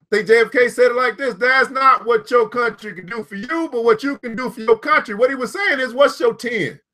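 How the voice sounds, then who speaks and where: A high-pitched man gives a live motivational talk. He is preachy and repetitive and keeps calling out viewers by name. His tone is bright and forceful. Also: brisk. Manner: preachy, repetitive, calls out viewers by name, laughs at own jokes. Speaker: founder giving a motivational talk.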